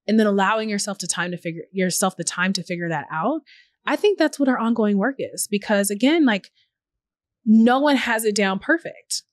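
A woman guest on a podcast, talking earnestly and reflectively with lively quoted asides. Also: mid-range voice, fairly quick, no echo. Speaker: podcast guest, tech journalist and founder. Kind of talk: reflective conversational interview.

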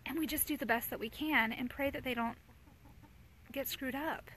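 A woman's voice: sits high, moderate pace, sharp tone, slight background noise. A woman in her thirties, a mother hosting a casual live chat, talking candidly to viewers and answering their comments.

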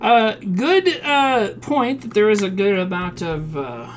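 A woman's voice: medium pitch, animated, takes it slowly, slight background noise. A woman from South Dakota cooking live on a stream, reading recipe steps aloud, swearing freely and answering chat in a home kitchen.

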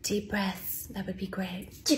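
Woman playing a flat, dreamy hippie barista. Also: medium pitch, reverberant, pitched below the performer's own voice, natural voice. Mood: serene. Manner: slow, dreamy, monotone. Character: spacey hippie woman barista, serenely smug.

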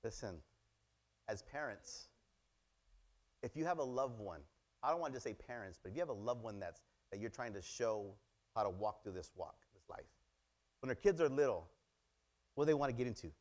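A male pastor preaching a sermon, acting out little dialogues and swinging between loud exclamations and quiet asides. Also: medium pitch, normal speed, long pauses. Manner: animated, acts out dialogues in many voices. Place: church.

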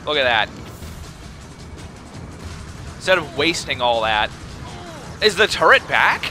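A young man giving excitable, panicky commentary while playing a shooter game. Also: fairly high pitch, slow pace, soft background music. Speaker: let's play gamer. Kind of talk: casual gameplay commentary.

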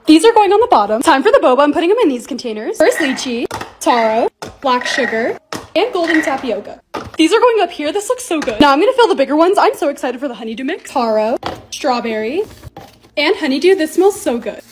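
Brief: young woman vlogger, high voice that bounces around a lot, bubbly and excitable voice-over. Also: fairly quick, slight background noise. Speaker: lifestyle vlogger. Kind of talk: voice-over vlog narration.

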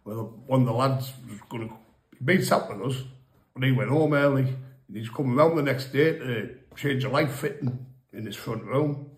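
A male guest tells rambling, funny stories from his past in a mid-range voice at a moderate pace, laughing and swearing along the way. The room he's recorded in is echoey.

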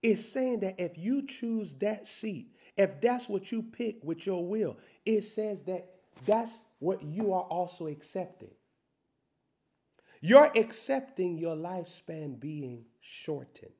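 A man preaching a sermon, reading scripture slowly and building to loud, shouted emphasis. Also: sits high, animated.

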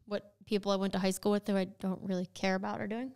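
A woman's voice: medium pitch, little pitch movement, fast, darkish tone, smooth. A woman co-hosting a podcast in casual chat with her sister, telling stories with lots of "like" and dramatic gasps. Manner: chatty storyteller, lots of "like" and gasps. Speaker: podcast co-host.

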